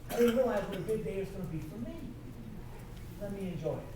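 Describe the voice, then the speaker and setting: A middle-aged man giving a live motivational speech, telling a personal story and building up to loud, fervent exhortation. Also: high-pitched, expressive, quick pace. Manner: storytelling, swings from hushed to shouting. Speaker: motivational speaker. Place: conference hall with audience. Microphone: audience camera recording from afar. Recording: echoey hall from far off, noisy.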